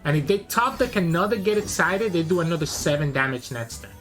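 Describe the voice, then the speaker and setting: A man's voice: fairly high pitch, lively intonation, fairly quick, a bit bright, faint music behind. A man giving live gameplay commentary on a card game, thinking aloud and weighing each play as he goes.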